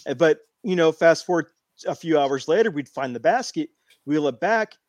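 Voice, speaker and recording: A man in casual chat, animated and repeating phrases as he tells a long story. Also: fairly high pitch, normal speed, no echo. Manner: animated, repeats himself while telling a story.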